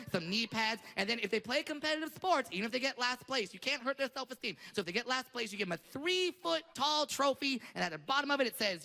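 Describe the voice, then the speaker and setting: A male stand-up comedian doing a brash, profane set on a large theater stage, breaking into shouted rants, with a handheld stage mic. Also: high voice, gravelly, background noise. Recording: live theater with reverb and crowd laughter.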